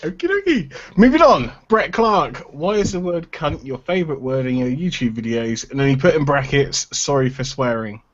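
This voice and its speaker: Brit host reading questions out, jokey, bouncy up and down voice, muffled sound. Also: male voice, medium pitch, animated, normal speed, hardly any pauses. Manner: jokey, reads questions aloud and moves things along. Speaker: podcast host. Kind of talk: casual chat, reading listener questions.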